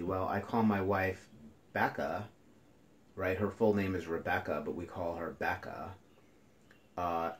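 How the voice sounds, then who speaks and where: A man with a deep voice teaches a classroom lesson, speaking slowly and patiently as he counts syllables out loud for his students. He moves around, so his voice sometimes drifts off the mic. There is faint room noise behind him. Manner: slow, counts syllables aloud, talks to students. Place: indoors, near a passing train.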